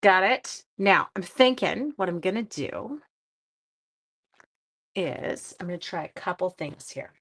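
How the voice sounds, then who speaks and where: A woman's voice: lowish voice, lively intonation, measured pace, long pauses, a bit bright. A woman hosting a live card-stamping tutorial, chatting and answering viewer comments as she works, with a chatty, self-deprecating manner. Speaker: papercraft demonstrator hosting a livestream.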